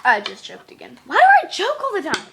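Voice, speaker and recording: A woman talking casually to her camera at home, excitable and quick to exclaim. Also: very high-pitched, creaky, heavy background noise. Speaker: vlogger. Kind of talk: casual chatty vlog.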